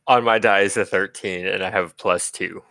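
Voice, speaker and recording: A man's voice: deep voice, background noise. A man running a tabletop game over an online voice call, laid-back with laughing asides. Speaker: game master.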